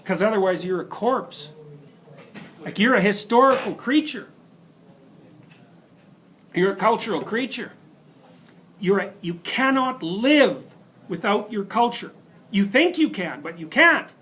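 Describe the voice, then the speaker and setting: Male lecturer, high voice, emphatic and storytelling, asks rhetorical questions, faint background noise. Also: lively intonation, a little slow, long pauses, fairly bright tone, low-quality recording. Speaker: university lecturer. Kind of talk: classroom lecture.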